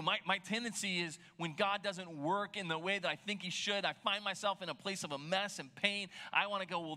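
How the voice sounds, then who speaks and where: A male pastor preaching with a bright, forceful tone and a slightly higher pitch than most men. He talks in a loose, conversational way, full of asides. He sinks to a hushed near whisper to land key points. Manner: conversational, animated, drops to a near whisper for emphasis. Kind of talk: sermon.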